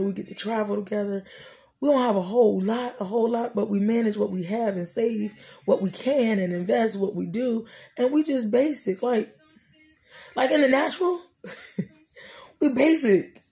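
A woman's voice: medium pitch, a little fast, dark tone. A middle-aged woman, hosting a podcast and praying and talking about faith in a preacherly, repetitive cadence. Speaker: podcast host. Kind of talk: prayer and faith talk.

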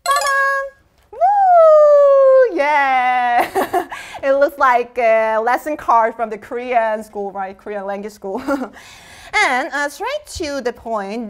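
A woman's voice: a little high, fairly bright tone. A young woman hosting a live quiz show, bubbly and playful, laughing often between clues.

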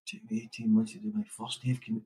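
A man's voice: on the low side, level tone, rapid-fire, mellow, rough recording. A man hosting a livestream, chatting casually, swearing and laughing as he hands out blunt advice. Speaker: livestream host.

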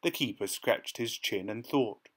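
A man reading a children's story aloud with expressive storytelling. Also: on the low side, measured pace, slightly rough. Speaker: storybook reader.

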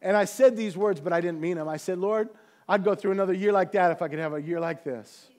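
A man's voice: high-pitched, a little fast, darkish tone. A middle-aged man preaching as a church pastor, telling a personal story and building to fervent, earnest exhortation. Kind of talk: sermon.

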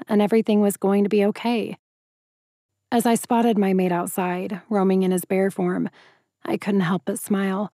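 Woman narrator for a first-person romance audiobook; warm, intimate, emotive read in a dry booth. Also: medium pitch, dry recording.

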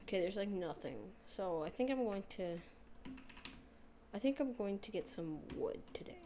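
A woman's voice: medium pitch, animated, normal speed, background noise. A woman giving rambling, casual commentary as she plays a game, chatting away and talking to the animals she meets. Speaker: gameplay streamer.

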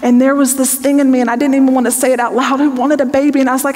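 Talking fast with few pauses, a woman in her forties uses a high, darkish voice with flat delivery. She's a Bible teacher giving an earnest, conversational testimony sermon to an audience in a large hall, often checking in with them, and the long reverb of the big room comes through.

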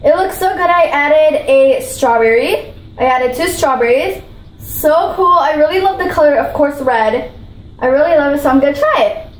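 A woman's voice: high voice, lively intonation, moderate pace, roomy sound, rough recording. A female vlogger talking in a bubbly, gushing way while she taste-tests food, repeating her praise. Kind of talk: food challenge vlog.

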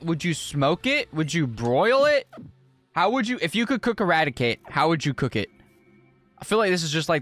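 A man's voice: a little high, a bit bright. A young man streaming a game live and chatting with his viewers, exclaiming often and using casual slang.

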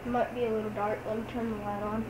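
A woman's voice: on the high side, little pitch movement, quick pace. A teenage girl rambling casually through a tour of her home, with distracted asides, recorded on a handheld phone. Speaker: vlogger. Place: house, walking through rooms and outdoors. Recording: noisy home video.

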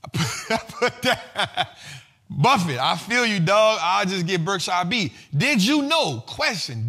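Male finance show host: bright, forceful voice pitched a bit high, slangy and animated. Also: slow pace, slightly rough. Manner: slangy, animated, laughs often. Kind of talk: casual finance commentary.

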